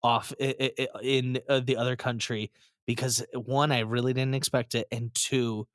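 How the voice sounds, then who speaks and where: A man's voice: mid-range voice, flat delivery, moderate pace, fairly bright tone, dry recording, clean studio sound. A man co-hosting a casual podcast chat, enthusiastic and emotional, often stumbling over his words. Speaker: podcast co-host.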